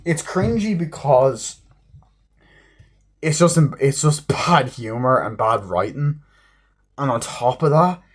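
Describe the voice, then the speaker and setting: A young man with a slightly rough, mid-range voice delivers an exasperated film review as a movie reviewer. He swears a lot and keeps peppering his speech with "like."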